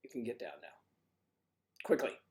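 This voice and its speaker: An older man with a husky voice and a cold, chatting casually as a livestream host, rambling and joking with his viewers. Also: on the low side, very animated, moderate pace, darkish tone. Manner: rambling and joking, talks to chat. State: has a cold.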